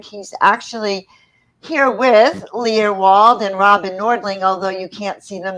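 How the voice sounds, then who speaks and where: A woman speaking at an online conference over a headset on a video call, excitable and a bit scattered. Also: medium pitch, low-quality recording. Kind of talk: casual online conference chat.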